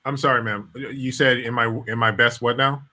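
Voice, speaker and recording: A man guest on a video call, speaking politely and in measured phrases. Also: medium pitch, steady tone, pushed and bright, slight background noise. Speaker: guest actor. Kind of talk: casual video-call chat.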